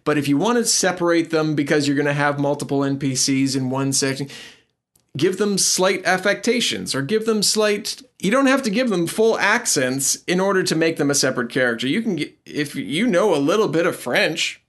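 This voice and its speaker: A man's voice: a little high, expressive, normal speed, fairly bright tone. A man co-hosting a casual chat about tabletop games, easygoing and thinking aloud. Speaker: podcast co-host and game master.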